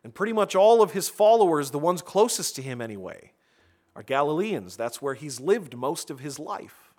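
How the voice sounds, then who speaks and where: A man delivers a sermon in a relaxed, conversational tone, his voice sitting a bit high for a man. He often starts a phrase over and turns to the congregation with quick asides. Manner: conversational preaching with frequent restarts and asides. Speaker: pastor.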